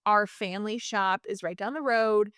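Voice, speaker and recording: A woman guest telling a personal story in a casual interview, chatty and animated, with lots of fillers and restarts. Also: medium pitch, normal speed, clear, resonant tone, no echo, clean studio sound.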